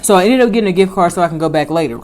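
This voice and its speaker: A woman vlogger telling a personal story in casual chat, animated, with lively swings in pitch and volume. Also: rapid-fire, slight background noise.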